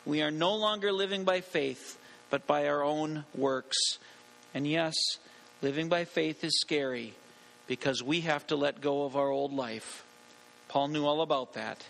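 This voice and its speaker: A male pastor giving a sermon in an earnest, deliberate way, slowing down on key phrases, then leading a prayer. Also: high-pitched, creaky, sharp tone, low-quality recording.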